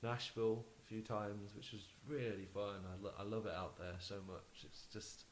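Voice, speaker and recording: A man's voice: fairly low pitch, fairly even intonation, moderate pace, a little hiss or hum, rough recording. A man speaking as an interview guest, chatty and easygoing, with frequent restarts. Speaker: guest musician. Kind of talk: casual interview chat.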